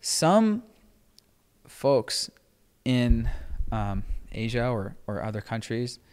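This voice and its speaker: A man's voice: extremely slow, clean tone. Casual man chatting in a reverberant room. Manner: animated, imitates others in high voices. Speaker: podcast host. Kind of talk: casual chat.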